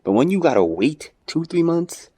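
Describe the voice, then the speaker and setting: A man's voice: fairly high pitch, moderate pace, husky, no echo. Profane ranting man, dry close sound. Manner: profane, rambling, animated with mocking put-on voices. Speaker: vlogger. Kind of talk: ranting monologue.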